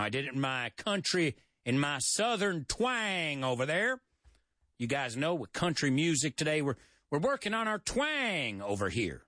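A man's voice: fairly high pitch, pushed and bright, no echo, studio quality. A man from the United States hosting a casual English lesson, joking and spelling out words for learners. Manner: chatty, jokey, repeats and spells out words. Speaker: English teacher and show host.

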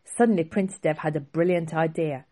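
A woman author reading her own children's book aloud in a clear, expressive storybook style. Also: low-pitched, normal speed.

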